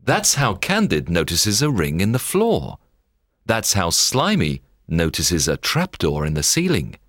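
Man, storybook narrator, very low voice, slow measured reading, dry studio sound. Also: no room sound. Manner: expressive, measured read-aloud delivery.

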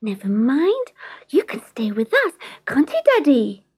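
A woman voicing a kind little girl in a storybook reading, gentle and pleading. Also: high-pitched, wildly swooping pitch, unhurried, slightly rough, voice pushed up, heavily acted. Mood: sweet.

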